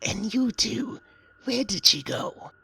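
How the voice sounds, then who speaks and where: Guy putting on a high raspy gravelly old witch, foul and cruel, swoops up and down, drawn out slow, sounds far off. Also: very animated, sharp tone, no room sound, full character voice. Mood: furious. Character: evil old female witch, furious and cruel.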